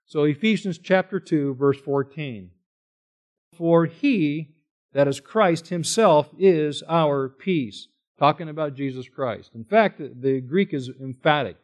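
Man, pastor, sermon, slightly raised pitch, expository, question-and-answer delivery. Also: expressive, a little slow. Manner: expository preaching, asks questions then answers them.

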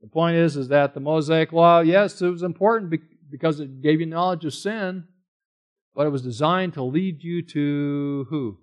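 Male pastor, slightly higher voice, verse-by-verse sermon, rhetorical questions. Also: normal speed. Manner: expository preaching, asks questions then answers them.

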